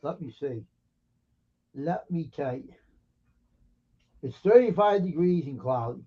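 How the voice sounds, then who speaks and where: A man's voice: on the high side, lively intonation, slow pace. A man hosting a casual live stream, sleepy and yawning, grumbling about the weather. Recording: dull lo-fi stream audio.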